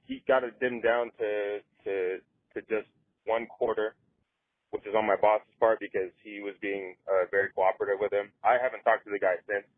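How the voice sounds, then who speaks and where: A man's voice: fairly low pitch, no room sound. A man of twenty-five, an electrician, complaining earnestly and hesitantly in a voicemail. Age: 20s. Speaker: caller, electrician. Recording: phone-line voicemail, dry.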